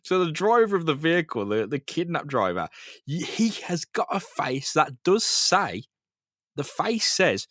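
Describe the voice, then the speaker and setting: A man's voice: a little high, very animated, measured pace, a bit bright, dry recording, clean studio sound. A man, co-hosting a podcast and retelling a comic with crude jokes. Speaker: podcast co-host. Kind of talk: casual comic recap chat.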